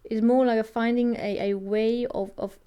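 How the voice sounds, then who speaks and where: A woman's voice: a little high, level tone, normal speed, smooth, lo-fi sound. A woman giving a casual tarot reading, thinking aloud and rambling with many restarts. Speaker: tarot reader.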